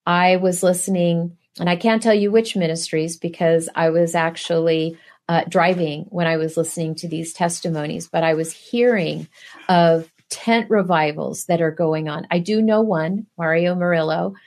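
A woman's voice: lowish voice, fairly even intonation, normal speed, darkish tone. A middle-aged woman giving an earnest preaching testimony, pressing her listeners with rhetorical questions. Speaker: guest speaker.

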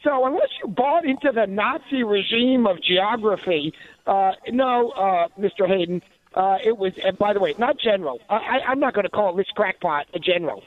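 A man's voice: high-pitched, animated, normal speed, narrow, tinny audio. A man giving indignant, sarcastic talk radio commentary, with many restarts and asides.

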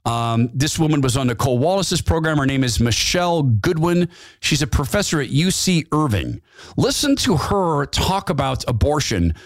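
A man hosting an opinion talk show, sarcastic and animated. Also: fairly high pitch, moderate pace, dry recording.

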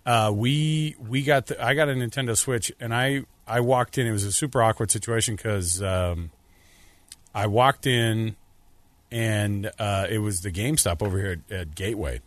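A man's voice: fairly low pitch, normal speed, no room sound. A man co-hosting a radio talk show, telling stories in a rambling way with frequent restarts. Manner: rambling storyteller with many restarts. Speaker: radio co-host. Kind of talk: casual radio chat.

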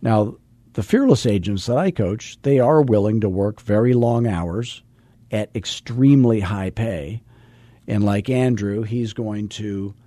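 A man's voice: on the low side, measured pace, warm tone, no echo, clean studio sound. A man from Arizona, a real estate coach hosting a podcast, telling a story in a chatty, self-deprecating way with many fillers. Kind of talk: casual storytelling monologue.

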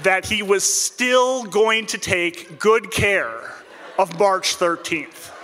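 A man from central Minnesota, telling a personal story to an audience with a wry, deadpan comic delivery. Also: high voice, slow, big-room sound, noisy background. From central Minnesota, United States.

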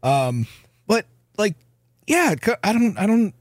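A man's voice: high-pitched, big pitch swings, slow, dry recording, clean studio sound. A man co-hosting a podcast, riffing playfully in casual chat. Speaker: podcast co-host.

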